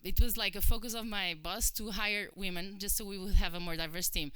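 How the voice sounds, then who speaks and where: A woman's voice: mid-range voice, fairly quick, clean tone, no echo. A woman in her thirties from Portugal with a Portuguese accent, giving a chatty conference talk and acting out quoted voices. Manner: chatty, animated, acts out quoted voices, many fillers. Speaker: conference speaker. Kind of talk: personal talk to an audience.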